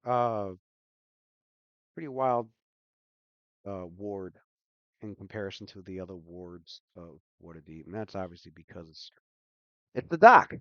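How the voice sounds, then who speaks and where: A man's voice: sits low, expressive, measured pace, pauses often, bright, forceful tone, dry recording, highs cut off. A man running a live tabletop game as game master, explaining the world in a loose, rambling way with lots of fillers. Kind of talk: narrating a tabletop game, casual.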